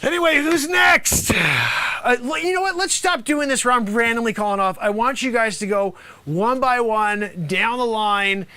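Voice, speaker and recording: A man playing a brash, bossy male high school basketball coach in an improv comedy sketch, rambling and loud. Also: lively intonation, a little slow, slight background noise, heavily acted.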